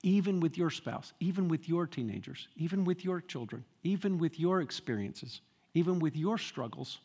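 A man's voice: on the high side, animated, moderate pace, dark tone, husky, big-room sound. A man preaching a sermon as pastor, emphatic and full of rhetorical questions and repetition.

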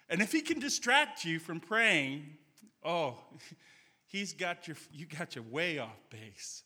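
A man's voice: fairly high pitch, lively intonation, slow, long pauses, pushed and bright, husky, big-room sound. A man preaching a sermon in a church sanctuary, earnest and telling stories with quoted dialogue.

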